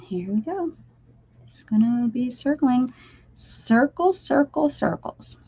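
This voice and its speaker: A high-pitched, expressive woman speaks slowly in a dark, husky tone with no room sound. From Pennsylvania, USA, she hosts a casual art livestream, drawing while chatting straight to viewers and sometimes drifting into a whisper. The audio is slightly dull, lo-fi stream quality.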